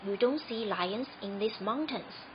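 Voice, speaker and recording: A woman voicing a bored young shepherd boy who shouts and wails when excited. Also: mid-range voice, a little slow, dull audio, noisy background, lightly acted. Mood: grumbling.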